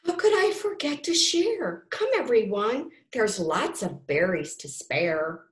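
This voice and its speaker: A woman voicing a big, friendly, muddled male bear with a bouncy, high storybook voice. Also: big pitch swings, slow. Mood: eager. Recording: roomy echo.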